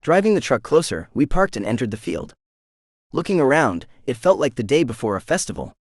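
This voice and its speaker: Male audiobook narrator, mid pitch, animated melody, very dry close studio sound. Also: fairly quick, no room sound. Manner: expressive, lively reading. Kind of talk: first-person romance audiobook narration.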